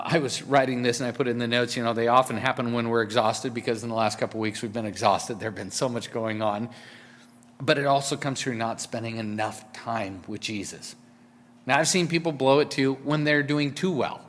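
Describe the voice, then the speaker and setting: A man preaching to his church in a relaxed, talky way, with fillers and restarts along the way. His voice sits at an ordinary middle pitch. A long reverb from the sanctuary trails behind his words. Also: slight background noise. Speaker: pastor. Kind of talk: sermon.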